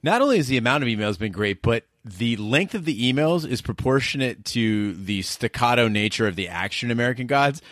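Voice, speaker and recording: A man co-hosting a podcast, talking in a relaxed, wry, joking way. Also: medium pitch, brisk, hardly any pauses, dry recording, studio quality. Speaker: podcast co-host. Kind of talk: casual podcast chat.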